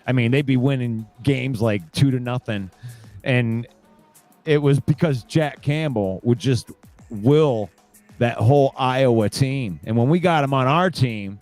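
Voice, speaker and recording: A man's voice: mid-range voice, a little slow, darkish tone, soft background music. A man hosting a casual sports podcast, rambling and repeating words as he talks. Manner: rambling, repeats words, laughs while talking. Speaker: podcast host.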